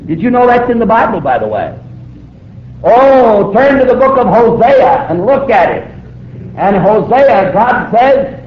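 A man's voice: high-pitched, big pitch swings, a little slow. Preacher man in an echoey hall. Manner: storytelling with quoted voices, emphatic. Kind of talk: sermon. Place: hall with a live audience. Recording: echoey, dull, faintly noisy old recording.

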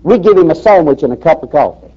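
A man's voice: a little high, animated, fast talker. A man preaching a fiery sermon in an emphatic, folksy way, firing rhetorical questions at the congregation. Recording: dull lo-fi recording.

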